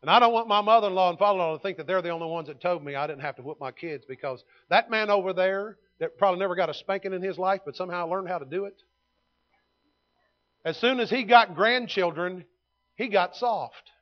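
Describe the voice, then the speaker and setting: High-voiced preacher in his fifties. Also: a little fast, highs cut off. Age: 50s. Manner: folksy storytelling preacher, swings from loud to hushed. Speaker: pastor. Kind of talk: sermon. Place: church sanctuary.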